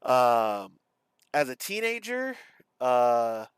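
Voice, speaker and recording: A man speaks haltingly in a subdued, confessional way, often pausing and trailing off. His voice is smooth and clean, recorded close and dry with no room sound. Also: mid-range voice, very animated, dry recording. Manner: halting, hesitant, with many pauses and fillers. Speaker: vlogger. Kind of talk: candid personal storytelling.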